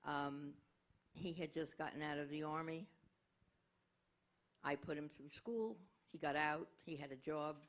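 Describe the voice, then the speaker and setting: A woman in her eighties speaking frankly and wryly as a panel guest. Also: low-pitched. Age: 80s. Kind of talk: reflective panel talk.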